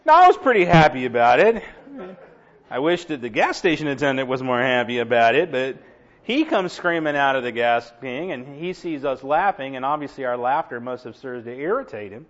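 A male pastor telling a funny story in a sermon, animated and laughing, acting out the voices of the people in it. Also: medium pitch, normal speed. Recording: dull lo-fi recording.

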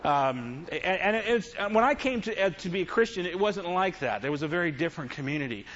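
Delivering a sermon, a middle-aged male preacher shares humorous, confessional stories with his congregation. His voice is high-pitched, animated, fairly quick and fairly bright, and the recording sounds dull and lo-fi.

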